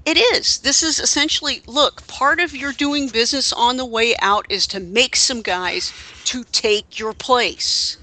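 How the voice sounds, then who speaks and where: A man co-hosting a podcast in a loose, casual chat. His voice is bright and clear, and he keeps searching aloud with small restarts and fillers. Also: very high-pitched, unhurried, rough recording. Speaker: podcast co-host.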